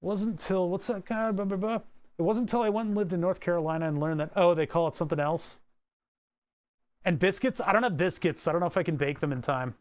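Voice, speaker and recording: A man's voice: high-pitched, fairly quick. A man chatting casually on a livestream from his home workshop, rambling and often restarting his sentences. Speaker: streamer.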